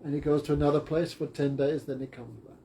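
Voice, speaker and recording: A man's voice: fairly high pitch, steady tone, fast, mellow. A man teaching a class, retelling a story in simple, short phrases.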